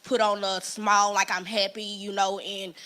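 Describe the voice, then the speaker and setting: In a relaxed church setting, a woman recounts her own testimony with earnest, chatty storytelling. Her voice sits in the mid range, her pace is moderate, and she animates the people she quotes.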